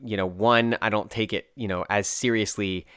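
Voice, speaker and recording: American guy hosting a chat, smooth low voice, rambly and easygoing. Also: moderate pace, no echo, studio quality. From United States. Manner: relaxed, rambling with fillers and restarts. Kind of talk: casual interview chat.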